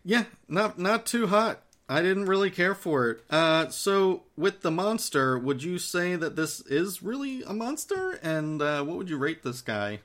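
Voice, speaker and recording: A man's voice: sits high, big pitch swings, measured pace, few pauses, a bit bright. A man hosting a podcast, casually recapping an episode in a rambling, profane way with lots of fillers. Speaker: podcast host.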